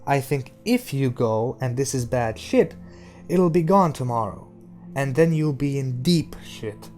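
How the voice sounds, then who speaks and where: A man's voice: medium pitch, expressive, a little slow, a little mellow, soft background music, natural voice. A man doing a tough young addict. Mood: angry. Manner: blunt, threatening. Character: tense young male heroin addict, tough talker.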